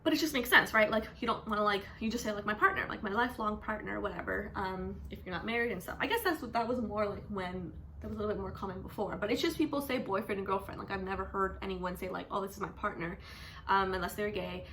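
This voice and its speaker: Chatty woman vlogger with a bright voice. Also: medium pitch, fast talker, few pauses, slight background noise. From Canada. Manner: chatty, animated, says "like" constantly. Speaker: teacher. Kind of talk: casual vlog chat.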